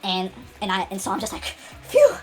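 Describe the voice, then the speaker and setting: A woman's voice: medium pitch, monotone, fast talker, a bit bright, soft background music. A woman telling an unscripted comedic story, rambling with many restarts and laughs.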